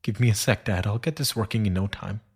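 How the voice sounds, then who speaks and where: A man's voice: on the low side, fast, slightly rough. A man voicing a frightened young boy who pleads with a shaky, tearful voice. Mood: pleading.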